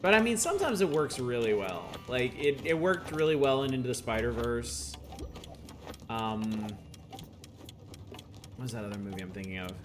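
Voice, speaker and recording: A man's voice: mid-range voice, lively intonation, normal speed, pauses often, noisy background. A man chatting casually with his viewers while he streams a video game. He rambles, greets chat by name and laughs often. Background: game music.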